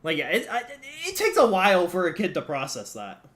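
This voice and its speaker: A high-voiced man speaks a little fast as he hangs out with viewers on a live stream, by himself in a small room. Animated and loose with his swearing, he addresses chat directly and bounces from one topic to the next.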